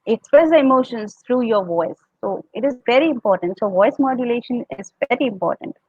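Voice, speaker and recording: High-voiced Indian woman coaching speakers. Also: lively intonation, a little fast, darkish tone, slightly rough, dry recording, highs cut off. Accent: Indian English. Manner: explanatory, demonstrates tones, laughs often. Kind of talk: podcast talk giving speaking tips.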